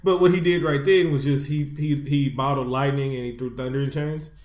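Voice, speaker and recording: A man's voice: medium pitch, steady tone, a little fast, darkish tone, roomy sound. A man co-hosting a casual podcast chat, joking, laughing often and swearing freely. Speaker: podcast co-host.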